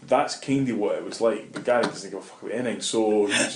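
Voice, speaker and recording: A middle-aged Scottish man, a guest in an interview, telling animated anecdotes in casual talk and swearing freely. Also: lowish voice, quick pace, background noise. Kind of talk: casual storytelling. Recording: roomy echo.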